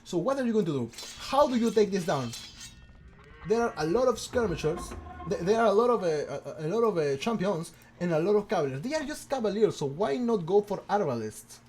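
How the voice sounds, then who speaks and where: A man casting a strategy game, excitable and stammering, firing off rhetorical questions. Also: high-pitched, fairly quick, a little hiss or hum. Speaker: game commentator. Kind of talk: casual game commentary.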